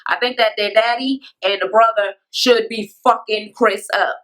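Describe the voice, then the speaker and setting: A woman vlogger giving a blunt, profane, animated rant while recapping a reality TV episode and acting out what the people said. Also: fairly high pitch, normal speed, rough recording. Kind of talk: casual ranting recap.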